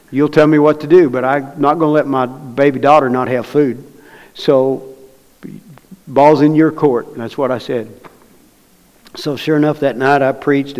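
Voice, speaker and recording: A man's voice: mid-range voice, darkish tone, muffled recording. A man preaching a sermon, telling a personal story in a folksy, plainspoken way. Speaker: pastor. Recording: long reverb of a large hall.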